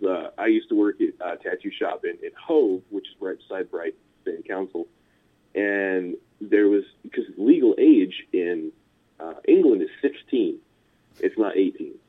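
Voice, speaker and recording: A Californian man with a fairly low voice rambles through a laid-back interview, full of "like" and "you know" and quick chuckles. His voice comes through thin and tinny, like a phone call. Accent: Californian American. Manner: rambling, chuckling, filler-heavy. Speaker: punk musician guest. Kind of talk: casual interview chat. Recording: tinny phone-line audio.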